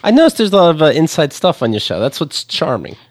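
A man's voice: a little high, big pitch swings, fast. A young male guest on a comedy podcast, teasing the host in a dry but supportive way. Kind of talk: casual chat.

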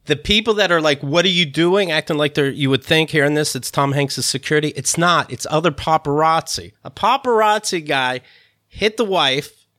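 A man's voice: on the high side, moderate pace. A man hosting a casual comedic chat, narrating a clip and joking as he goes. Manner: animated, jokey, acts out voices. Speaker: podcast host.

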